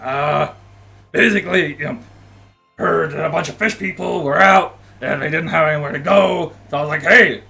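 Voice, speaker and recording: A man voicing a huge, boisterous shark-man pirate with a loud, gruff voice and rowdy, hearty banter. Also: fairly high pitch, moderate pace, soft background music.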